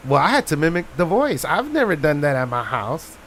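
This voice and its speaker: A man chatting on a radio show, telling an animated story, acting out the people in it and dropping in Spanish phrases. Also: fairly high pitch, brisk, slight background noise. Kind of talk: casual storytelling chat. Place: radio studio.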